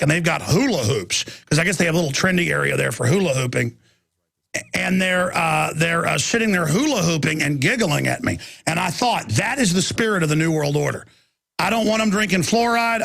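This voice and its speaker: This man, hosting a radio talk show, has a high voice with vocal fry and a somewhat bright tone. He tells a long, rambling story as a ranting monologue, throwing in mocking impressions.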